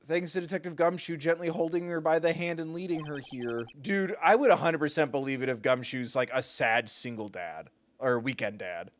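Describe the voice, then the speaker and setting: A man's voice: a little high, normal speed. A young adult man streaming a video game, joking casually and reading dialogue aloud. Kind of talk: casual gameplay commentary.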